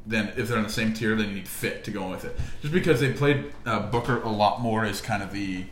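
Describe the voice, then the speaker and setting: A young man talks sports on his podcast with a lowish voice, chatty and full of opinions. The room around him is echoey, with a faint hiss under the talk. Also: fairly quick. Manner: chatty, opinionated, laughs often. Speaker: podcast host. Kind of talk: casual sports chat.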